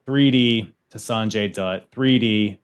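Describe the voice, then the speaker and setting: A man's voice: on the low side, slow, clean tone. A man hosting a podcast, recapping events in a loose, casual chat and laughing often. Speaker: podcast host.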